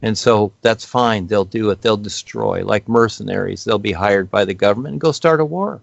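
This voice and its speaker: Male guest speaker, low gravelly voice, unscripted and rambling, dull lo-fi recording. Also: normal speed, no echo. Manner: rambling, many fillers and restarts. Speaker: guest speaker on spiritual topics. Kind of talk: unscripted spiritual explanation.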